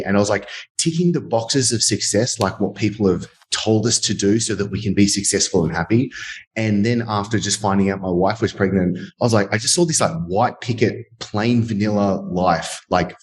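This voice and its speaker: Deep-voiced Australian man, earnest storyteller. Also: poor audio. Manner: earnest, reflective, frequent fillers. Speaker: podcast guest, business owner. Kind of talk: conversational storytelling interview.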